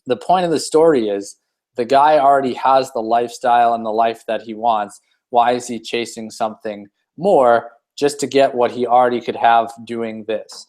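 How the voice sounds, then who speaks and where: A man's voice: mid-range voice, steady tone, brisk, darkish tone. A man hosting a weekly team hangout, telling a motivational story in a loose, rambling way. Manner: rambling, many fillers and restarts. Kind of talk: casual motivational talk.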